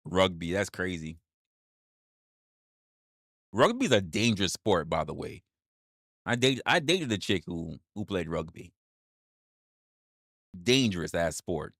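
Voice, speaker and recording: A man's voice: sits low, animated, slow pace, pauses often, a bit bright, no echo, studio quality. A man hosting a livestream, reading chat aloud and reacting with repeated exclamations, swearing and laughter.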